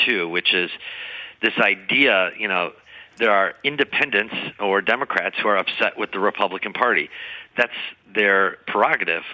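Man, political strategist, very low voice, bright edge, muffled radio sound. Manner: earnest, argumentative, with frequent restarts. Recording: dull, muffled radio audio.

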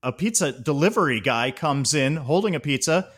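A man's voice: a little high, animated, moderate pace, fairly bright tone, husky. A man co-hosting a casual movie discussion, who laughs often while retelling scenes. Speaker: podcast co-host.

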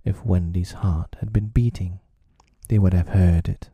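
A man reading a storybook in a hushed whispered role-play, close to the mic, slow and husky. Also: low voice, steady tone, no echo.

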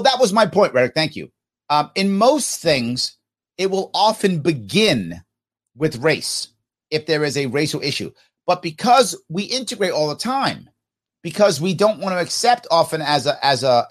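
Animated man with a lively voice. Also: on the high side. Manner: animated and emphatic, with sarcastic asides. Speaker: podcast host reading listener comments. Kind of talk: casual opinionated commentary.

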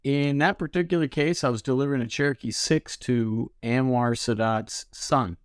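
A man spins animated stories, acting out each exchange with bursts of laughter. His voice sits at an ordinary pitch and the recording is dry and close. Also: moderate pace, clear, resonant tone, no echo. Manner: animated, laughing storyteller who acts out dialogue. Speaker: ferry pilot guest. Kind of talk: storytelling interview.

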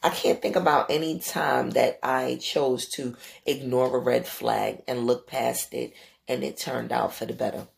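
A middle-aged woman hosting a podcast, telling a story in a casual, animated, profane way and acting out quotes. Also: a little slow, creaky. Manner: animated, profane, acts out quotes with big pitch jumps. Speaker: podcast host.

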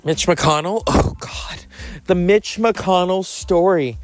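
A man's voice: high voice, slow pace, no echo, faint music behind. A man hosting a podcast, riffing through a profane comic monologue with camp asides. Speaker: podcast host.

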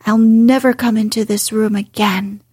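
A woman voicing a fierce, obstinate young girl who snaps back defiantly in a breathy voice. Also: medium pitch, steady tone, moderate pace, a little mellow, no room sound, studio quality. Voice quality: breathy whisper. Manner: defiant, retorting.

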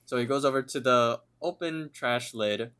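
A man in a mid-pitched, everyday voice, walking through a cartoon episode as a relaxed podcast co-host. He retells each scene at length and now and then reads a line aloud. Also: normal speed, clear, resonant tone. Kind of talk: casual episode recap.

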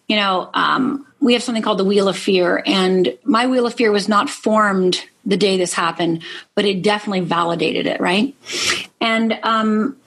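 With a mid-range voice and vocal fry, this middle-aged woman from Upper Michigan, a life coach, shares a personal story during an interview. She is earnest throughout, frequently tagging her sentences with "right?"

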